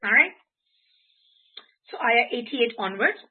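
An earnest woman teaching an online religious class, her fairly high voice a little husky. The sound is thin and phone-like. She keeps checking in with her students as she goes. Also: expressive, slow pace. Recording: tinny phone-like audio.

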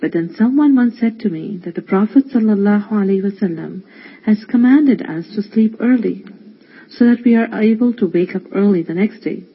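A kind young man, as a storyteller puts him on, coaxes children with patient, easy words. His voice is slightly husky, and the lo-fi recording dulls it. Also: mid-range voice, moderate pace. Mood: gentle. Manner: warm, patient coaxing. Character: kind, cheerful young male guest, gentle. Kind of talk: storybook reading.

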